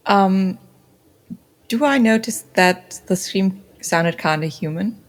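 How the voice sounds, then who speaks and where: A woman's voice: mid-range voice, slow. A woman playing a tabletop game, tentative and full of questions. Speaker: player.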